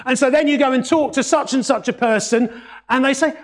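A man with a fairly high voice preaches a sermon in a conversational, expressive way. He slips in wry asides and sinks to a near-hush to stress key words. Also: a little fast. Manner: expressive, varies tone and drops to a hush for emphasis.

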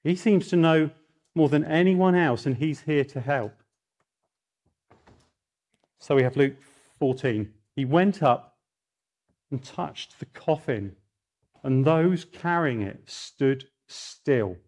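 A middle-aged man preaching a sermon, telling stories in a lively way and rising into mock outrage. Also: a little high, takes it slowly, long pauses.

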